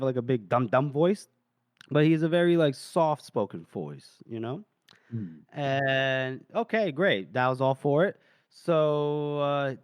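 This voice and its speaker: A man with a fairly high voice recaps a book for his co-hosts, acting out the lines in an animated way and laughing often. The sound is dry and close. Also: clean tone, no room sound. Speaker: podcast co-host. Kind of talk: casual chat recapping a book.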